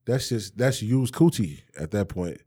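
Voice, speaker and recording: Husky, animated man in crude banter. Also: fairly low pitch, measured pace. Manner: crude, boastful banter with a lot of slang. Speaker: podcast co-host. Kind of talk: casual chat.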